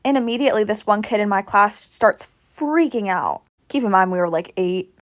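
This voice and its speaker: A young woman telling funny stories in a casual storytime style, with animated, exaggerated reactions. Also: medium pitch, normal speed.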